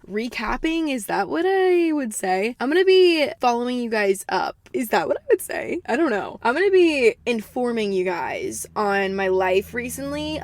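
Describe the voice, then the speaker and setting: A woman's voice: medium pitch, no echo. Profane, rambling young woman podcaster. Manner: profane, rambling and self-mocking. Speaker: podcast host. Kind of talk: casual solo podcast chat. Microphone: podcast microphone.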